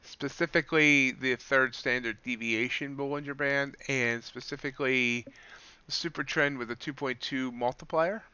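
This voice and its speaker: A man talking through his trades on a live stream, his voice bright and smooth. He chats in a relaxed way, thinking aloud and answering viewers. The sound is dry and a little dull, close to the mic. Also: medium pitch, normal speed, dry recording. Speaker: livestreaming futures trader. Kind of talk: casual live-stream commentary.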